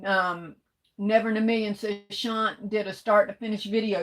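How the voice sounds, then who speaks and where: A middle-aged woman chats through her livestream, reading out comments and greeting each viewer warmly. Her voice sits in an ordinary middle pitch, and she sounds a little rough as she holds back coughs and sneezes. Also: steady tone, moderate pace. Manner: chatty, greets viewers warmly with "hey, baby". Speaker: livestream host. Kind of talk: casual live chat reading comments.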